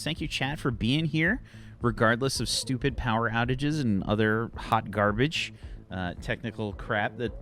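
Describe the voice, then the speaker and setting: A man hosting a tabletop game livestream, rambling through thanks and plugs at the end of the show. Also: on the low side. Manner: rambling, grateful sign-off. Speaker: game master and host. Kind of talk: livestream outro.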